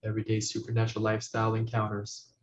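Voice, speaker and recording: A man teaching as a spiritual guide, talking listeners through a meditation in soft, slow, repeated phrases that often sink to a hush. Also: fairly low pitch, completely flat delivery. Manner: soft-spoken, slow, repetitive guidance, often dropping to a hush. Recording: roomy, dull recording with faint noise.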